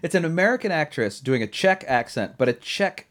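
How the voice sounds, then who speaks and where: A man's voice: fairly high pitch, expressive, fairly quick, a bit bright. A man hosting a casual chat, talking in long rambling runs full of restarts and asides. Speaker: podcast host.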